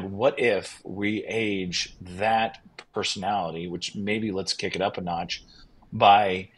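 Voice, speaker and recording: A winery owner appears as a podcast guest, telling his story casually, enthusiastically, and in a rambling way, quoting others in lively bursts. His voice sits low with a breathy edge, and the audio is poor.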